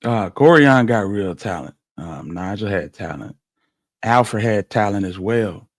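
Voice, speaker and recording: Low-ish guy talking slow and sad, lots of pauses, dry close mic. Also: animated, dry recording. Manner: slow, somber, with many pauses and fillers. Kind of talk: casual reflective talk.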